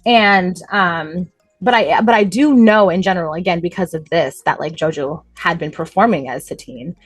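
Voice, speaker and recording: A woman co-hosting a podcast, telling stories in an animated, chatty way and laughing often. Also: fairly low pitch, normal speed, no room sound, soft background music. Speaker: podcast co-host. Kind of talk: casual chat.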